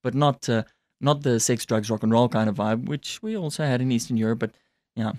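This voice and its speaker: A man's voice: medium pitch, fairly quick, a little mellow, no echo. A man, a musician guest telling stories in casual interview chat and switching between languages.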